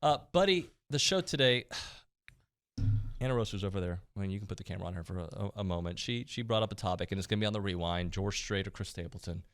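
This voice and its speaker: A man co-hosting a relaxed sports talk show, his voice swinging up and down in a lively way. He jokes and banters loosely, often stumbling and restarting his sentences. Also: fairly low pitch, fast. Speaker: co-host. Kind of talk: casual sports chat.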